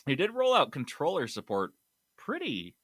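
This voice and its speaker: A man hosting a casual gaming podcast, reading news with animated, loud bursts of enthusiasm. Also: a little high, normal speed, dry recording, clean studio sound. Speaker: podcast host. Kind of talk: casual chat.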